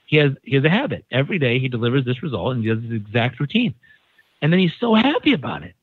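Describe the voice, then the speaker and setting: A fast-talking man from San Diego, United States, with a slightly rough, mid-range voice, tells a casual story as a podcast guest. He animatedly acts out the people in it, and the recording is dry and narrow, like a phone line.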